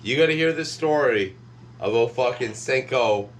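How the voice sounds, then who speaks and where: A man's voice: mid-range voice, moderate pace, slight background noise. A man hosting a casual podcast chat, loose and profane, steering the others toward stories.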